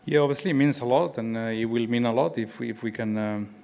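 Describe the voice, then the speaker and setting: A man's voice: medium pitch, creaky, darkish tone, a little hiss or hum. A man from Spain, a racing driver who speaks English with a Spanish accent, answering reflectively at a press conference, often restarting his phrases. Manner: halting, reflective, with frequent restarts.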